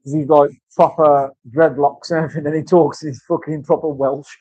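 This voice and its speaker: A man's voice: fairly high pitch, little pitch movement, a little fast, warm tone, dry recording. A man chatting casually at work as a tattoo artist, swearing freely and telling rambling stories. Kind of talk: casual chat while working. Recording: dull lo-fi recording.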